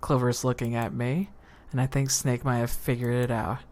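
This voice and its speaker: A woman's voice: extremely low pitch, level tone, moderate pace, darkish tone. A young woman streaming a game live, reading its lines aloud and chatting casually with some swearing. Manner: casual and profane, thinking aloud.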